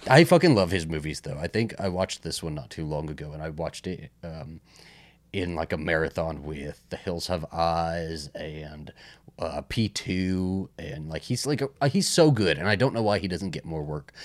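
A man's voice: deep voice, expressive, moderate pace, no echo. A man co-hosting a film podcast, rambling in casual chat with lots of fillers and restarts. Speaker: podcast co-host.

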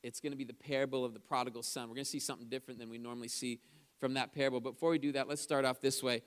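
A man preaching a sermon in a church service, energetic and chatty, calling out to the congregation between stories. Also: mid-range voice, racing, smooth. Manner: chatty storytelling asides. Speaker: pastor.

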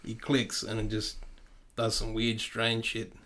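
A man's voice: on the low side, monotone, unhurried, a bit bright. A man with an Australian accent, a podcast guest in casual chat, blunt and swearing freely. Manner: blunt, swears freely, keeps saying "mate".

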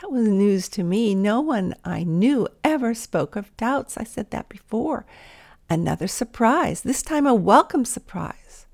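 A woman's voice: medium pitch, vocal fry, darkish tone. A woman giving a devotional talk in an earnest, intimate manner, sometimes dropping to a whisper. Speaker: Christian speaker.

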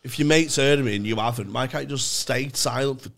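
A young man, co-hosting a comedy podcast and telling an animated story, acting out what others said. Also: medium pitch, fast talker, gravelly. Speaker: podcast co-host. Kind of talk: casual banter.

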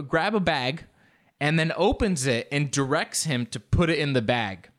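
A man telling a comic story in an animated, rambling way, swearing freely and exaggerating for laughs. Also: fairly high pitch, moderate pace. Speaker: comedian.

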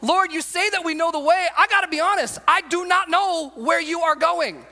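A man's voice: extremely high pitch, normal speed, sharp tone, pitched above the performer's own voice, heavily acted. A man voicing an earnest, puzzled disciple who questions bluntly and insistently. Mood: pleading. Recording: long hall reverb.

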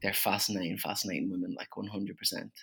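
A man's voice: deep voice, fairly even intonation, fast, creaky, bright, forceful tone, slightly rough. A man with a Dublin Irish accent co-hosting a podcast, chatting casually and gushing, with plenty of fillers. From Ireland. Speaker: podcast co-host. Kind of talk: casual chat.

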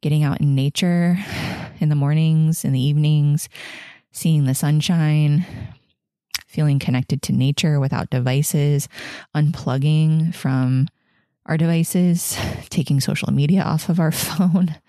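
Low, mellow-voiced pregnant woman chatting candidly. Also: fairly even intonation, a little slow, no room sound, studio quality. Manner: candid, chatty, laughs often, many fillers and restarts. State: heavily pregnant. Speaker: podcast host. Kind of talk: casual personal reflection.

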